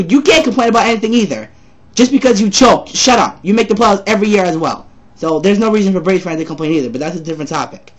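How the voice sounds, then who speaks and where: Casting: man, high voice, wildly animated, profane angry sports rant, slightly sore from shouting. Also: fast talker, slightly rough. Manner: loud, profane, repetitive ranting. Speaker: sports ranter.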